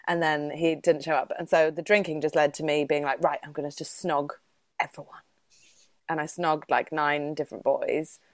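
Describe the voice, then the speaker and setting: A woman in her thirties with a fairly low, dry voice tells a story in an easy, chatty way. She laughs often and puts on little voices for the people she quotes. The mic sits close, with almost no room sound. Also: level tone, moderate pace, no echo. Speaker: guest. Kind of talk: casual chat, storytelling.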